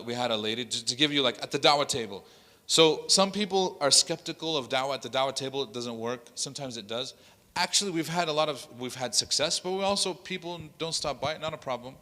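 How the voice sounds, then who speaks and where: Male imam leading a workshop; bright, lively storyteller who voices each side of the exchange; long reverb of a mosque hall. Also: on the high side. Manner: animated storyteller acting out dialogue.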